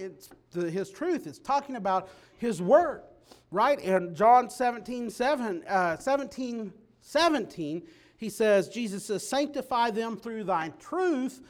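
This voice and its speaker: A man preaching a sermon, dropping low and quiet then rising to loud, emphatic declarations.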